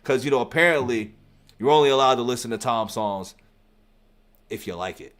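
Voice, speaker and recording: A man hosting a music reaction channel, talking in an animated, profane, emphatic way and repeating his phrases. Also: medium pitch, fairly quick. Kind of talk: casual music reaction commentary.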